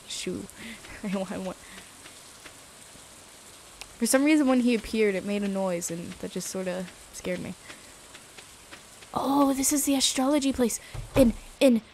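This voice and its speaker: A woman's voice: fairly high pitch, a little mellow, a little hiss or hum, low-quality recording. Giggly woman streaming a game. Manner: chatty, giggly, reacting aloud to the game. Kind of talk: casual gameplay streaming.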